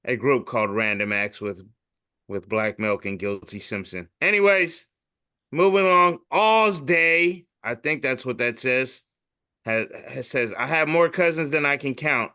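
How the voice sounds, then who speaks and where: A man's voice: medium pitch, unhurried, sharp tone, smooth. A man who does comedy, hosting a podcast and reading memes aloud in a loose, profane, jokey way. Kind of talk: casual comedic meme reading.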